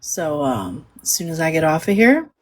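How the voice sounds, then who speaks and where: A woman hosting a casual livestream, talking softly and hesitantly with many fillers. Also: low-pitched, very animated, normal speed. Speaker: livestream host.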